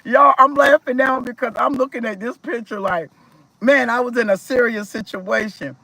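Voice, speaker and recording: A woman's voice: on the high side, normal speed, poor audio. A woman telling a personal story, acting out other people's voices and laughing as she goes. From South Carolina, US. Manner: animated, acts out quoted voices, laughs while telling. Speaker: testimony speaker. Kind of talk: storytelling testimony.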